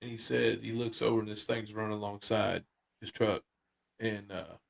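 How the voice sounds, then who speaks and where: A man's voice: fairly low pitch, fairly even intonation, moderate pace, vocal fry. A man casually retelling a secondhand paranormal story on a talk show, rambling with lots of fillers and restarts.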